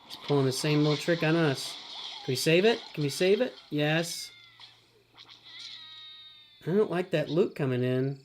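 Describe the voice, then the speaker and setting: Middle-aged male streamer, slightly high voice, chatty play-by-play, sudden excited yells. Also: moderate pace, long pauses, a little hiss or hum. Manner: talks about himself in third person, excitable outbursts. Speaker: streamer host. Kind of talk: live gameplay commentary.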